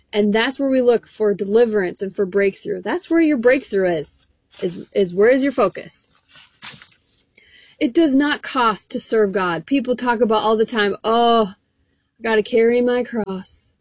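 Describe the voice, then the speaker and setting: Woman preaching, kinda high voice, earnest, asks the people straight questions, dry close sound. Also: a little mellow, no echo. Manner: earnest, reads scripture aloud, asks the listeners direct questions. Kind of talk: sermon.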